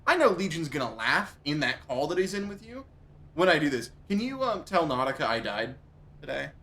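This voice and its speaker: A man's voice: on the high side, big pitch swings, fairly quick, a bit bright, a little hiss or hum. A male streamer in pain from hot sauce, groaning, yelping and repeating himself with watering eyes. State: eyes watering, mouth burning. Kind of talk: live game stream chat.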